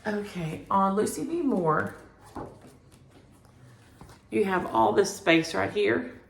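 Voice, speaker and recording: A woman's voice: medium pitch, expressive, takes it slowly, gravelly, a little hiss or hum. A middle-aged woman in casual chat about her stitching at home, rambling from one thought to the next. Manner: rambling, chatty, talks to her cats between thoughts. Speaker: cross-stitch vlogger. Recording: echoey room.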